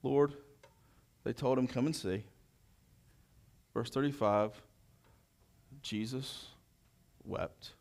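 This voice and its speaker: Taking it slowly and leaving long pauses, a man of medium pitch preaches a sermon. He reads each verse of scripture and then explains it, going from loud proclamation to hushed quiet.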